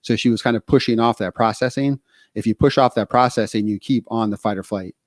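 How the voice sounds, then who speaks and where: A man's voice: lowish voice, fairly quick, no echo, studio quality. A middle-aged man from the United States co-hosting a podcast, telling candid stories with lots of fillers. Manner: candid storytelling with many fillers. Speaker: podcast co-host. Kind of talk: casual podcast talk.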